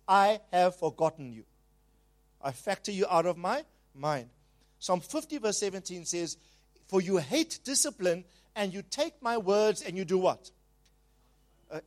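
A man preaching a sermon, emphatic, slowing down on key phrases and having the congregation repeat after him. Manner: slows down and rises in pitch and volume on key phrases. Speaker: pastor.

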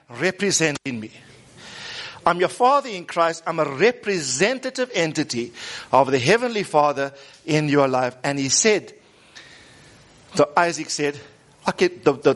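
A man, preaching a lively sermon and coaxing the congregation to repeat lines after him. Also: a little high, normal speed. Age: 50s. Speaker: pastor.

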